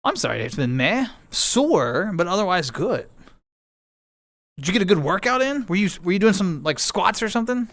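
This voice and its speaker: Reading viewer messages during a casual home stream, a man speaks at normal speed in a high, slightly bright voice. He's very animated, playful and chatty, with a bouncy intonation.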